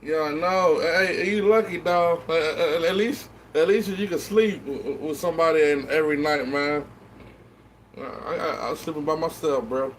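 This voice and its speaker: A man with a notably high speaking voice chats loosely to his viewers while tipsy. He rambles, trips over repeated words, and swears freely. A faint background hum sits under his talk. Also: normal speed. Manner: rambling, stammering restarts, heavy swearing. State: tipsy from drinking. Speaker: vlogger. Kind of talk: casual live-stream chat to viewers.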